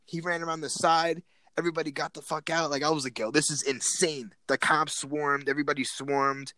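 Excitable young man telling a wild story. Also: a little high, brisk, dry recording. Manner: excited, animated retelling with acted-out quotes and repeated words. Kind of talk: casual storytelling chat.

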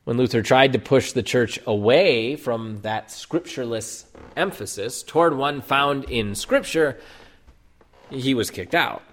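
A Lutheran pastor delivers a sermon in an unhurried, mid-range male voice. He explains doctrine emphatically and poses rhetorical questions to the congregation.

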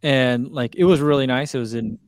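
A man's voice: medium pitch, a little fast, dry recording. A man with a mid-range voice hosts a casual chat and reads viewer questions aloud. He rambles in a chatty way, full of fillers. The sound is dry, with no room around it. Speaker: host reading viewer questions.

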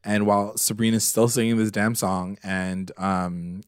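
A man with a somewhat low voice talks through a show recap in a loose, rambling way. He leans on fillers and throws in casual swearing. The sound is dry and close, with no room around it. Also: steady tone, a little slow, clean tone, dry recording. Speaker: podcast co-host.

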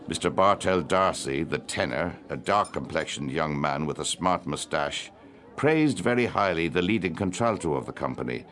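A man narrating literary fiction in a measured, expressive audiobook reading. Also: sits low.

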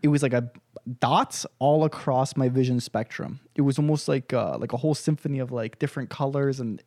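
A man telling stories on a casual podcast, animated and crude, breaking into laughter often. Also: medium pitch, fairly quick, no room sound, studio quality. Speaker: podcast co-host. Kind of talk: casual storytelling chat.

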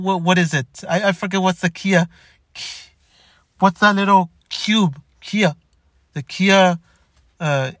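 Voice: medium pitch, no echo, clean studio sound. A car vlogger ranting in exasperation, often stumbling, restarting sentences and repeating "come on.". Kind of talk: opinion rant to camera.

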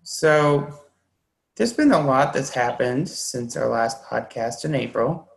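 A man's voice: medium pitch, expressive, slow, creaky, rough recording. A man hosting a podcast, talking casually and hesitantly with many fillers. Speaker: podcast host.

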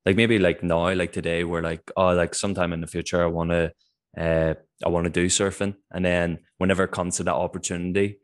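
A man's voice: low-pitched, little pitch movement, brisk. A man in casual podcast chat, telling stories with animation and swearing freely.

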